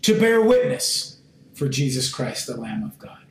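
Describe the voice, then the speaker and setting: A man teaching a sermon and reading scripture aloud, speaking in short, deliberate phrases and pressing his listeners with emphatic questions. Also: medium pitch, sing-song, a little hiss or hum. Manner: slow, deliberate phrasing in short measured fragments. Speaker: Bible teacher. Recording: roomy echo.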